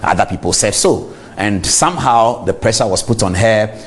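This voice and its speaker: Middle-aged male TV host, Ghanaian English accent, lively, very animated pitch, direct commentary to camera. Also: normal speed, a little hiss or hum. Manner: animated, talks straight to viewers. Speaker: TV talk show host. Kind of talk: on-air commentary.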